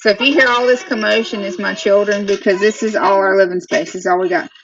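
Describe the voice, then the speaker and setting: A woman's voice: mid-range voice, steady tone, quick pace, recorded from a distance, dull audio. A woman with a Southern accent hosting a casual family live stream, chatty and homey, talking to her kids between remarks. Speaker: homesteading channel host, mother.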